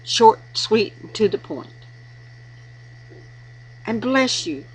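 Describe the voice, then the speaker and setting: Woman, earnest devotional talk, unhurried, breathy voice. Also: on the high side, animated, low-quality recording. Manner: slow, earnest, preachy, with emphatic repetition. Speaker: Christian video blogger giving marriage advice. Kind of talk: informal devotional talk to camera.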